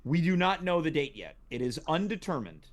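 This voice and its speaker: A man's voice: on the high side, big pitch swings, fairly quick. A man hosting a casual comedy talk show, teasing his guests playfully. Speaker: host.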